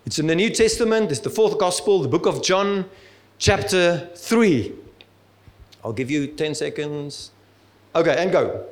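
High-voiced man preaching conversationally. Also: animated, a little slow. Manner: conversational, humorous storytelling. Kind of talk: sermon.

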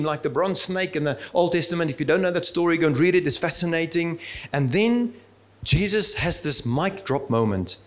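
A man's voice: a little high, a little fast. A male preacher giving a sermon in a conversational, humorous storytelling manner.

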